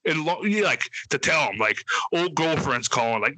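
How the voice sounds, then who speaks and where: Here a fairly high-pitched man speaks at normal speed, hardly pausing, with no echo in the audio. Co-hosting a casual podcast, he tells a wild story, swearing a lot and performing quotes loudly and animatedly.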